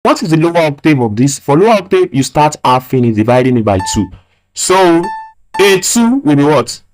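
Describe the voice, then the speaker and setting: A man's voice: a little high, very animated, soft background music, poor audio. Man lecturing with rhetorical questions. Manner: asks rhetorical "what?" questions and repeats key phrases; slow, emphatic stress on key words. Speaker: physics teacher. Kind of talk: recorded video lecture.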